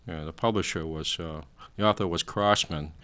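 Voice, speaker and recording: A man's voice: sits low, normal speed, pushed and bright. A man in his sixties, a talk show guest, lecturing at length in a rambling way with many fillers. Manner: frequent fillers, trailing off.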